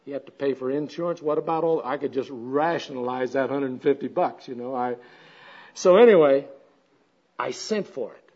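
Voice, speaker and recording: A man telling a homespun story as part of a sermon, chatty and plain, breaking into loud animated exclamations. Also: mid-range voice, normal speed. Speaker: speaker at a women's gathering. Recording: dull lo-fi recording.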